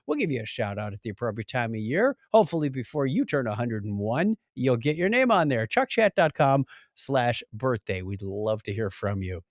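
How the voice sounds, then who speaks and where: Animated man co-hosting a podcast. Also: medium pitch, moderate pace, few pauses, no echo, clean studio sound. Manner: animated, jokey, bursts of loud exclamation. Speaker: podcast co-host. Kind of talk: casual chat.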